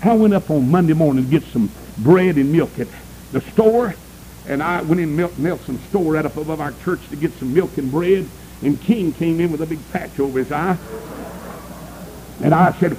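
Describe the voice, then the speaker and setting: A man's voice: expressive, normal speed, mellow, slight background noise, low-quality recording. A male preacher, delivering a fiery sermon and calling out to the congregation for amens. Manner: emphatic, swooping pitch, calls for amens.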